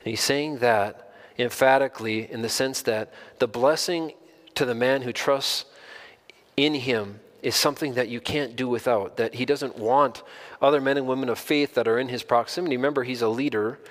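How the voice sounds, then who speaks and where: An earnest male pastor preaching a sermon at a middle pitch. He leans on key phrases and climbs in pitch and loudness for emphasis. His voice carries a long reverb, as in a large hall. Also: normal speed.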